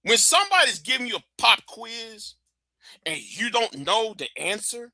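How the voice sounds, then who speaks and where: Guy ranting on his stream, high bright voice, blunt and swearing a lot. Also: big pitch swings, a little slow, no room sound. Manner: blunt, profane and emphatic. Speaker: livestream host. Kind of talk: heated commentary rant.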